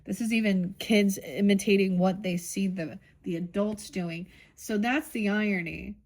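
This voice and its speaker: A woman's voice: medium pitch, fairly even intonation, unhurried, a little mellow. Woman, middle-aged, loose chatty tarot reader, rambles and curses casually. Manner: rambling, swears casually, thinks aloud.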